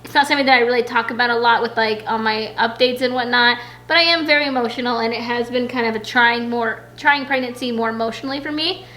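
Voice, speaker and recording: A woman's voice: a little high, steady tone, fast, hardly any pauses, bright, forceful tone. A pregnant woman chatting casually at home, answering viewer questions in a rambling way full of "like"s. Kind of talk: casual Q&A chat.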